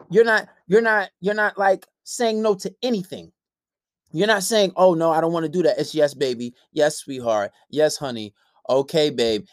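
A man's voice: fairly high pitch, dry recording, clean studio sound. A young man hosting a casual dating-advice podcast, brash, profane and preachy in his delivery. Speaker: podcast host.

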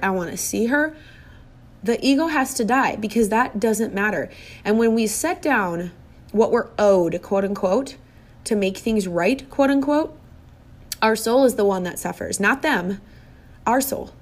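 A middle-aged woman with a medium-pitched voice delivers a personal, reflective monologue. She speaks in a heartfelt, earnest way, often repeating phrases for emphasis.

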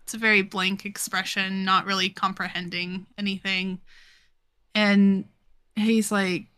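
A young woman with a bright, clear tone chats loosely as a podcast co-host. She rambles through a manga recap with plenty of fillers and little giggles. Her pitch stays in an ordinary middle range. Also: flat delivery, measured pace. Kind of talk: casual chat recapping a manga.

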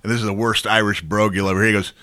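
A man tells stories as an interview guest, rambling and full of fillers. His voice sits low but sounds bright and forceful. The recording is dry and close. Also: rapid-fire, no room sound. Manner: rambling, animated storyteller with many fillers. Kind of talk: casual interview storytelling.

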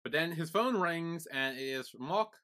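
A man co-hosting a casual recap podcast, calmly retelling the plot step by step. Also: fairly high pitch, unhurried. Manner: calm, retelling plot in steps. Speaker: podcast co-host.

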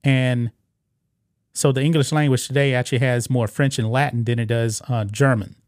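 A man's voice: medium pitch, steady tone, moderate pace, darkish tone, no echo, studio quality. A man hosting a casual commentary video, reading an article aloud and reacting with disbelief, rambling with fillers and restarts.

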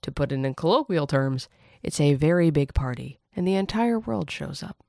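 A podcast host narrating history with wry, deadpan comic asides. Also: mid-range voice, normal speed, vocal fry, dry recording, studio quality.

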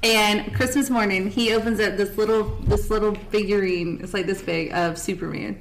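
A woman appearing as guest co-host on a live convention panel, quick and self-deprecating in her asides. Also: mid-range voice, fairly even intonation, creaky, slight background noise, poor audio. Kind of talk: casual live panel chat.

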